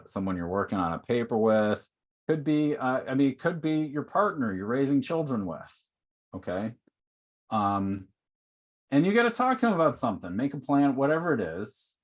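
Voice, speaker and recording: A man presenting a workshop in an online teaching talk, speaking conversationally with many "like"s and "okay"s. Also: on the low side.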